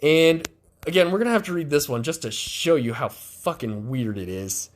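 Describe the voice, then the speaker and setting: A man's voice: fairly high pitch, expressive, moderate pace. A male podcast host giving sarcastic, profane political commentary.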